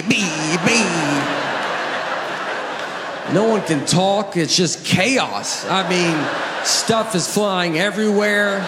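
A man doing stand-up comedy, rambling and exasperated as he tells a story. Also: high voice. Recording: echoey hall with noise.

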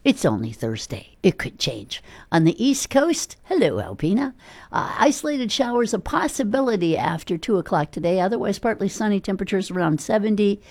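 A woman radio DJ talks from the studio in an animated voice that swings up and down. She is chatty and loose, pokes fun at herself, and reads the forecast in the same casual way. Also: mid-range voice. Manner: chatty, loose and self-deprecating. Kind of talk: casual radio chat and weather read.

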